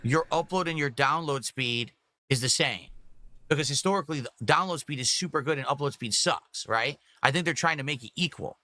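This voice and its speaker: A man's voice: fairly high pitch, brisk, pushed and bright. A man chatting casually on a stream, rambling and wry. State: sore and yawning.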